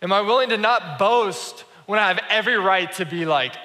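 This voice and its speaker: Pastor, male, chatty storyteller sermon; bright tone, big reverberant room. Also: sits high, animated, moderate pace, hardly any pauses. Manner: conversational storytelling, acts out quoted dialogue. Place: church sanctuary. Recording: reverberant church hall.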